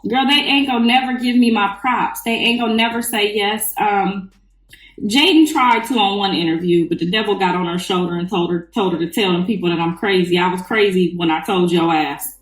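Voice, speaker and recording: A woman's voice: medium pitch, a little fast, recorded from a distance. A middle-aged woman ranting bluntly and profanely to her live-stream followers while sitting in the bath. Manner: blunt, profane, heated storytelling. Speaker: livestreamer. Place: bathroom, in the tub. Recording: echoey bathroom, away from the mic.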